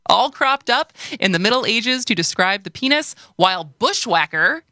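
A woman's voice: on the high side, lively intonation, normal speed, hardly any pauses, pushed and bright, dry recording, clean studio sound. A woman with a Wisconsin accent co-hosting a radio talk show, chatting loosely and giggling often. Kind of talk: casual radio chat.

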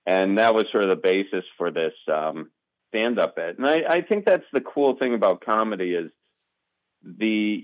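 A comedian guest chats casually in an interview, rambling and restarting often with self-deprecating remarks. His voice sits low, and the recording's highs are cut off.

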